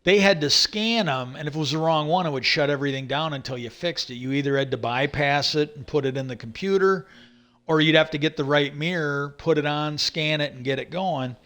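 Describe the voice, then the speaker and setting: A man's voice: fairly high pitch, a little fast, a bit bright. A man telling a long work story in a casual, rambling monologue, swearing often and repeating "I go" as he retells what he said.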